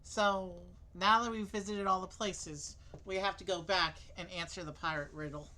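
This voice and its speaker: A woman reading a mystery game's text aloud in an earnest, clear manner and asking questions. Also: on the low side, fairly even intonation, normal speed, sharp tone. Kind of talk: reading aloud during a let's play.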